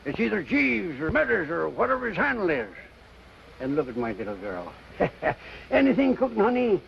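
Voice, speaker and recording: An older actor playing a boastful, folksy old Western grandfather with a loud drawl and rustic grammar, in 1950s film acting. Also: high-pitched, sing-song, normal speed, vocal fry, exaggerated voice. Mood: jovial. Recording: dull old film soundtrack, faint hiss.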